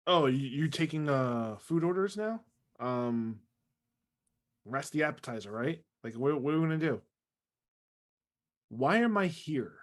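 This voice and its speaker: A man's voice: mid-range voice, lively intonation, unhurried, pauses often. A man playing a tabletop game, trading sarcastic, joking banter in character. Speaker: player.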